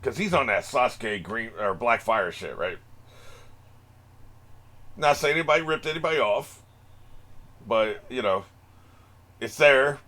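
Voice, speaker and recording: A man's voice: medium pitch, lively intonation, a little slow, long pauses, sharp tone. A man hosting an anime reaction video, cracking profane jokes and laughing often in casual commentary. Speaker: anime reaction channel host.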